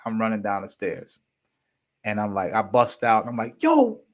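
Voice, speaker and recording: A man in his fifties, a podcast host, telling a personal story in an animated, emphatic way with casual slang. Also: on the low side, moderate pace.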